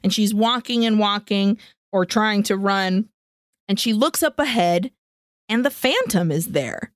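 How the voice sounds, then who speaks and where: A woman co-hosting a podcast retells a film plot with animation, chatting casually and swearing freely. Her voice sits in the mid range and moves at a measured pace, recorded in studio quality with no room sound.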